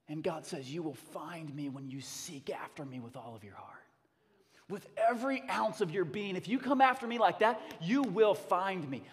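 A man with a bright, high voice preaches to his congregation, building energy through repeated phrases and emphatic bursts. His sermon carries the long reverb of a large church sanctuary. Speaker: pastor.

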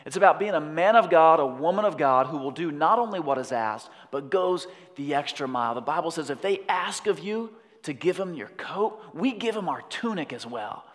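Male pastor, sermon delivery, slightly high voice, long hall reverb, moves from storytelling to forceful calls. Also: lively intonation, moderate pace, hardly any pauses. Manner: storytelling, building to emphatic shouted exhortation.

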